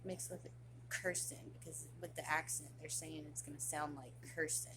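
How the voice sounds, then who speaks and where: A woman's voice: sits low, fairly even intonation, normal speed, background noise. A woman vlogging in a rambling, slangy, casual chat to camera.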